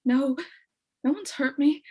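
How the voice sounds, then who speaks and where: A man's voice: very high voice, takes it slowly. A woman storyteller voicing a frightened male merchant who begs and pleads in a rising, strained voice. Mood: terrified. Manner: pleading, breathless begging. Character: panicked male merchant fleeing a ghost.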